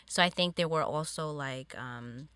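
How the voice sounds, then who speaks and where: A woman's voice: deep voice, measured pace, clean tone, no echo. A woman from Peru, a podcast guest, chatting casually and acting out the people in her stories. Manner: animated storyteller, acts out voices in her tales. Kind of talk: casual interview chat.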